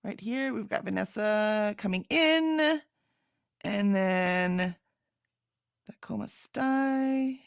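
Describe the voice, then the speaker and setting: A woman's voice: medium pitch, slow, gravelly, long pauses, smooth, no echo, studio quality. A woman hosting a casual livestream, reading viewer comments aloud in a chatty way and laughing often. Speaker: livestream host.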